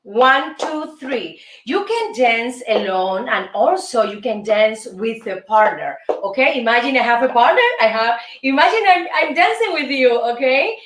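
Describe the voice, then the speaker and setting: A high-voiced woman teaches basic dance steps, counting beats aloud in an unhurried, playful manner. Her voice is heard from some distance in a roomy space, with faint music underneath. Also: expressive, fairly bright tone, a little hiss or hum. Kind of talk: casual dance lesson.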